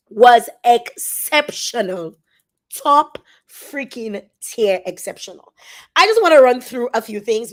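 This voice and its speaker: Animated woman vlogger. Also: high voice. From Dominica. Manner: emphatic, animated storytelling. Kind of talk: casual review vlog.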